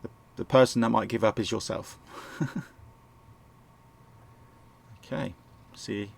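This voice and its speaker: Croaky-voiced man narrating his game. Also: fairly low pitch, takes it slowly. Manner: rambling, self-correcting, chuckles often. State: sore throat, croaky. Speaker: gameplay commentator. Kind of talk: casual game walkthrough commentary. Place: home, indoors.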